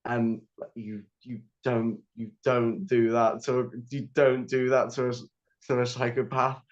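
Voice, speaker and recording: A man's voice: mid-range voice, level tone, a little slow. A young man recounts events in a loose, rambling way. He fills his speech with "like" and keeps restarting his sentences. His voice sits in a middling register, and the recording is slightly dull and lo-fi. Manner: rambling, heavy use of "like" and restarts. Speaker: podcast guest. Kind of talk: casual storytelling interview.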